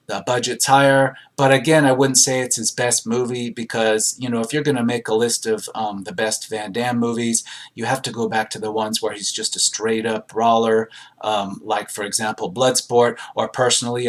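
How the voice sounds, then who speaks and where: A man hosting a casual movie review, reading audience reviews aloud and adding rambling comments with frequent fillers. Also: lowish voice. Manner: rambling, many fillers and hesitations.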